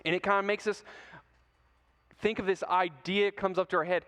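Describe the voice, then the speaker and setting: A man's voice: high-pitched, fairly even intonation, brisk, fairly bright tone, smooth. A man giving a playful talk to middle schoolers, telling stories and asking the audience questions. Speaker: youth speaker. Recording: long hall reverb.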